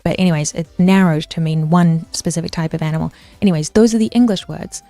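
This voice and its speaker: A woman's voice: sits low, steady tone, fast, warm tone, dry recording, faint music behind. A woman streamer ranting casually about history, chatty and swearing, answering her chat as she goes.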